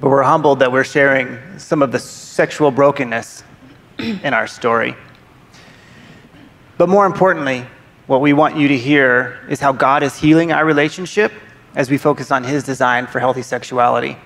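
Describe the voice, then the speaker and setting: A man sharing his testimony from a church stage, friendly and steady, with a light touch of humor. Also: medium pitch, moderate pace. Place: church sanctuary. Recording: long reverb of a large hall.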